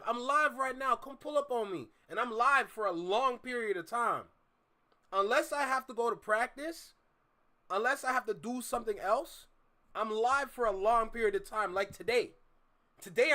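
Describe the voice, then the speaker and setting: A livestream host with a very high, sharp-toned voice streams while driving his car, greeting chatters in a laid-back, slangy way.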